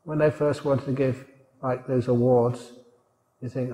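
A man gives a humorous sermon, chuckling and putting questions to his listeners. He speaks unhurriedly at a middle pitch. A long reverb hangs in the large hall. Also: fairly even intonation, unhurried, warm tone. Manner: jokey, chuckling, asks the audience questions. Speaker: monk teacher.

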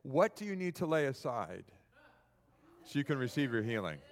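A man preaching a sermon in a church hall, animated and asking the audience questions. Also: mid-range voice, moderate pace. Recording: long reverb of a large hall.

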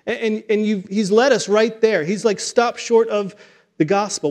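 A man's voice: sits high, moderate pace, a little mellow. A man preaching a sermon in a casual, conversational way, often repeating words and acting out the dialogue he retells. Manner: conversational, repeats words and restarts, acts out dialogue in quoted voices. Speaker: pastor.

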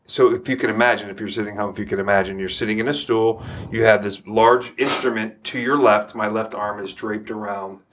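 A man telling a funny story in a casual chat, animated and laughing as he talks. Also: fairly low pitch, fairly quick, hardly any pauses, slight background noise. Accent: Texan.

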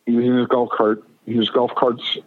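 A middle-aged man appearing as a guest chats casually, telling long stories full of stammered restarts and quotes he acts out with gusto. His mid-range voice moves fairly quickly over a tinny phone line, with no echo.

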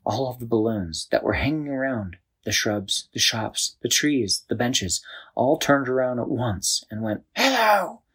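Breathy man telling an animated story. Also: mid-range voice, a little slow. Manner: animated, loose, with restarts. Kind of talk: improvised bedtime story narration.

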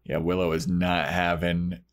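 A man's voice: sits low, completely flat delivery, measured pace. A man chatting casually as a podcast co-host, recapping a TV episode with loose, acted-out quotes.

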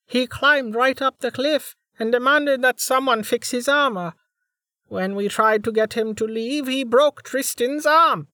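A nervous young townsman from a fantasy audiobook, as a man puts him on, his voice pitched well above the narrator's own and his words hurried and apologetic. The recording is dry and close. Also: sharp tone, dry recording, exaggerated voice. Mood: flustered. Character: anxious young male townsman, flustered.

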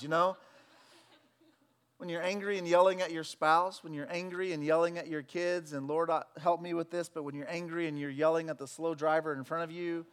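A pastor preaching a sermon, swinging between loud fervent declarations and relaxed, joking talk with the congregation. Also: male voice, a little high, clean tone. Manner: preaching with loud emphatic shouts, then conversational with jokes.

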